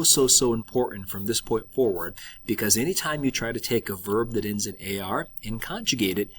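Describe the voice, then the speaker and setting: A man's voice: mid-range voice, fairly bright tone, husky. A man teaching a recorded lesson, explaining step by step with patient check-ins. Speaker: Spanish teacher.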